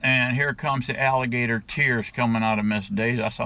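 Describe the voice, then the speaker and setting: A man's voice: medium pitch, steady tone, fairly quick, hardly any pauses, sharp tone, a little hiss or hum. A middle-aged man in a casual rant to his viewers, blunt and crude, often calling them "guys". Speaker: vlogger.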